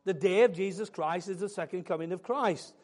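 A man preaching a sermon, building fervently into loud, emphatic declarations. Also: high voice, a little fast.

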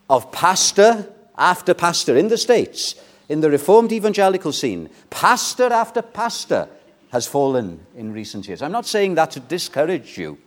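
A man preaching an earnest, pleading sermon in church, swinging between loud and soft. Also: fairly high pitch. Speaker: pastor.

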